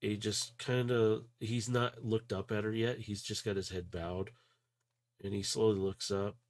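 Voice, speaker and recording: A man running a tabletop role-play, narrating in a relaxed, rambling way full of hedges and pauses. His voice sits on the low side and he takes his time. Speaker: game master.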